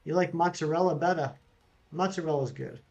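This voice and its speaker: A man's voice: fairly high pitch, fairly quick, darkish tone, muffled recording. A man running a casual live stream, reading out jokes from chat and greeting viewers by name as he plays.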